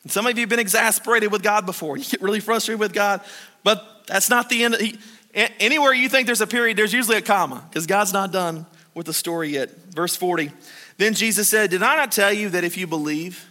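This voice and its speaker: A man preaching a sermon. He reads scripture and acts out the disciples and Martha in animated paraphrase. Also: high voice, fairly quick. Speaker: pastor. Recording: long hall reverb.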